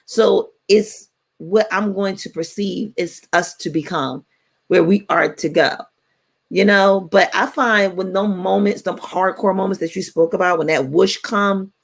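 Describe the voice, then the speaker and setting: A woman in her forties, co-hosting a radio talk show and telling stories in a playful, animated way. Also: mid-range voice, measured pace, gravelly. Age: 40s. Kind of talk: casual chat.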